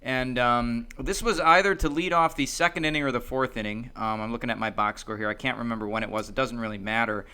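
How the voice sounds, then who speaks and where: A man's voice: mid-range voice, fast, few pauses, bright, forceful tone, smooth. A man co-hosting a podcast in casual chat, hesitant with frequent "um" and "uh" fillers. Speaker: podcast co-host.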